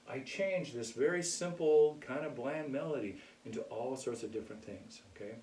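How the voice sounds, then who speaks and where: A man teaching a casual music lesson in a relaxed way, often checking in with "okay?". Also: medium pitch, moderate pace, hardly any pauses, a little hiss or hum. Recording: echoey room, mic far off.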